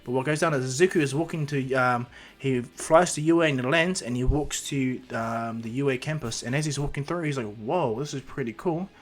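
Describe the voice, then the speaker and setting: A man's voice: mid-range voice, a little fast, few pauses. Rambling casual male storyteller. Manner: casual, rambling, many fillers. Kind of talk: improvised fan-fiction narration.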